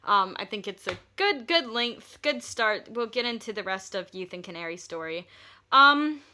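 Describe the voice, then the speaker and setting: A woman's voice: medium pitch, expressive, moderate pace, pushed and bright, slight background noise. A young woman hosting a solo podcast, talking casually in a rambling, chatty way with lots of fillers and restarts. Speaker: podcast host.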